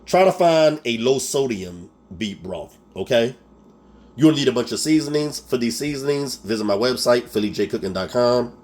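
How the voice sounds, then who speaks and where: A man's voice: medium pitch, expressive, normal speed, darkish tone. A man with a Philadelphia accent hosting a home cooking tutorial. He talks casually, laughs at himself and often checks in with "okay?". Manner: chatty, laughs at himself, keeps asking "okay?". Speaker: cooking show host.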